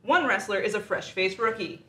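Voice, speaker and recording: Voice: mid-range voice, moderate pace, reverberant, noisy background. Person reading game prompts. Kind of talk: casual game play chat.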